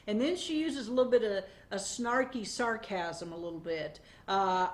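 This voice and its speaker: A woman teaching a weekly Bible devotion in a conversational, animated way, often pausing on fillers. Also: mid-range voice.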